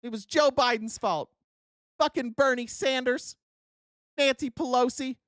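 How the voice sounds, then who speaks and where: A political commentator voicing a mocking, whiny diehard voter who shouts sarcastic lines in a raised voice. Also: a little slow, no room sound, studio quality. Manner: shrill and shouting, sarcastic mimicry.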